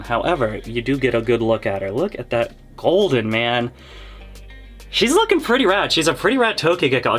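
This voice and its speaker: A young man hosting a casual reptile vlog, excitable, laughing often and cursing casually. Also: fairly high pitch. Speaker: reptile breeder and channel host.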